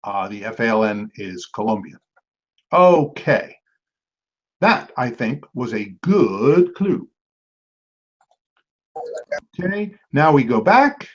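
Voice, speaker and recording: A man hosting a trivia quiz, reading clues aloud and repeating each one slowly. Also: mid-range voice, big pitch swings. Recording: dull lo-fi amateur recording.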